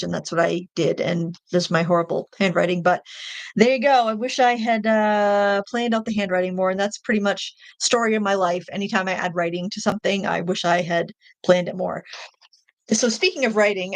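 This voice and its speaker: Middle-aged woman, casual live-stream art host, meandering and self-correcting, mid-range voice. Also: mid-range voice.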